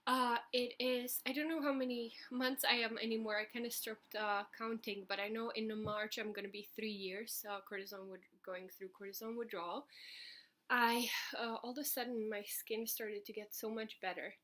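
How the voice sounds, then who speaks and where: A woman, a little out of breath, giving a casual video update at home into her computer's webcam, speaking in a halting way with many fillers. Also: fairly high pitch, fairly even intonation, a bit bright. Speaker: vlogger.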